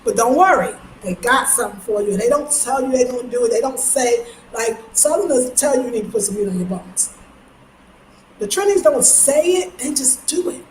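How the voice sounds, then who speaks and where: A woman from New York, chatting casually in a vlog, slangy and animated, breaking into high mimicking voices. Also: a little fast. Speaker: vlogger. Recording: echoey space with faint ambient noise.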